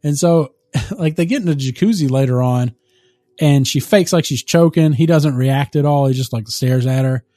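A man casually recapping a movie on a podcast, animated and profane, often laughing through the story. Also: medium pitch, moderate pace, dry recording. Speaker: podcast co-host.

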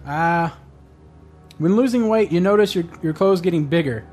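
A man's voice: a little high, normal speed, darkish tone, faint music behind. A man chatting casually, rambling and joking, often trailing off mid-sentence. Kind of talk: casual chat.

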